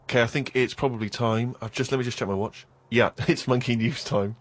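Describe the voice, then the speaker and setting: A man's voice: medium pitch, fairly even intonation, a little fast, a little hiss or hum. A man bantering dryly on a comedy podcast and asking mock-formal, probing questions. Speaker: co-host.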